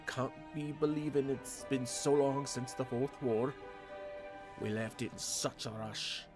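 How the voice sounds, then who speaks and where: A man putting on a gruff dwarf adventurer. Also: mid-range voice, a little slow, natural voice. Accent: attempted dwarven brogue. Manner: reading quest dialogue aloud in character. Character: gruff male dwarf adventurer, wry and hearty. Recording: game music playing underneath.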